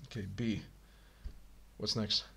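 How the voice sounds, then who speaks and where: A man reading a bomb manual aloud in a casual co-op game, hurried and muttering. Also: lowish voice, little pitch movement, vocal fry, sharp tone, breathy edge. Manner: hurried, mutters while searching, bursts into laughter. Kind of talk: casual gaming chat.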